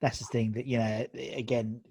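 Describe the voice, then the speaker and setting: A man's voice: mid-range voice, little pitch movement, a little fast, vocal fry, warm tone. A man hosting a casual interview over a video call, easygoing and asking encouraging questions. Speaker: podcast host.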